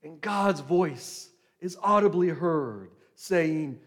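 High-voiced preaching man. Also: lively intonation, fairly bright tone. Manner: dramatic, slows on key words and swells to emphatic peaks. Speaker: pastor. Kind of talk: sermon.

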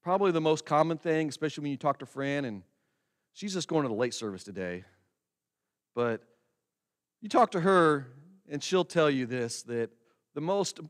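A man preaching as a pastor, talking casually to the congregation and slowing to stress words when he recites a prayer. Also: fairly high pitch, smooth. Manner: conversational, with slow emphatic prayer recitation. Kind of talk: sermon. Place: church sanctuary. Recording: long hall reverb.

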